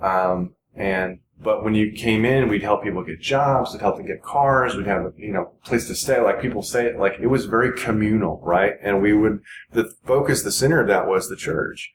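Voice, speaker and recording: A man in his forties with a somewhat low voice speaks as a podcast guest. His talk is earnest and rambling, with many restarts. The sound is roomy and echoey, and clear background noise runs underneath. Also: moderate pace. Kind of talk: casual podcast conversation.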